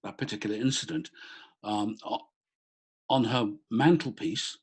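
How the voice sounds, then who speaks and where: Husky man telling a story. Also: medium pitch, measured pace. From Britain. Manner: hesitant, many restarts and ums. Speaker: guest speaker, former police officer. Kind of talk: storytelling over a video call. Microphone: laptop on a video call.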